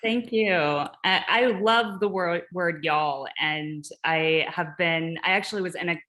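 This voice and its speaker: A woman artist answering audience questions after her online talk, in a thoughtful, halting way over a video call. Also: on the low side, bright, forceful tone. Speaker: visiting artist giving a talk.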